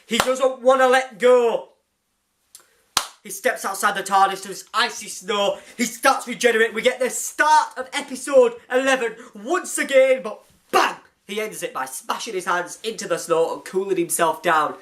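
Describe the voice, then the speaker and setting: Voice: mid-range voice, normal speed, fairly bright tone. Hyper, rambling fan reviewer. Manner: hyper, gushing and rambling, often restarts with "anyway". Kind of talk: excited episode recap and review.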